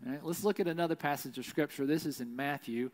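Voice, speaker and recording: Conversational pastor, slightly high voice. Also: male voice. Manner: conversational preaching, often adds "right?"; slows down and drops to a hush for key lines. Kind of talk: sermon.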